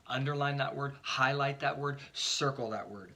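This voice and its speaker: Earnest pastor with a bright voice. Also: male voice, medium pitch, normal speed, hardly any pauses. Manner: earnest, emphatic, repeats words when starting phrases. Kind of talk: short devotional sermon.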